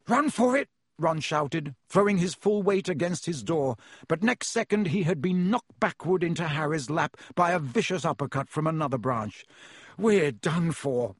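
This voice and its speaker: A man narrating a storybook in a steady, expressive storytelling voice on a close mic. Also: a little high, breathy edge, no echo. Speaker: audiobook narrator.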